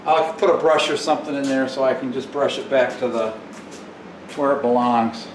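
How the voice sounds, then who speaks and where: A man's voice: medium pitch, steady tone, moderate pace. A man talking casually to the camera as he builds in his workshop, half muttering to himself as he works. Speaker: DIY workshop host. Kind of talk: casual talk while working. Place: workshop, indoors. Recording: echoey workshop, far mic, tool noise.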